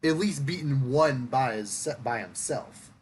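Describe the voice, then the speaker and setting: A man's voice: mid-range voice, lively intonation, measured pace, breathy edge. Man talking through a film review. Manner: thoughtful, explains at length with fillers. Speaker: podcast host. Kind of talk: casual movie review chat.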